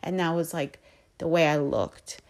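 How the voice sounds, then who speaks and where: A woman with a lowish voice speaks slowly and unhurriedly, sharing personal reflections as a podcast host. She talks softly and candidly, pausing and circling back as she searches for the right words. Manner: soft-spoken, candid, searching for words with many pauses.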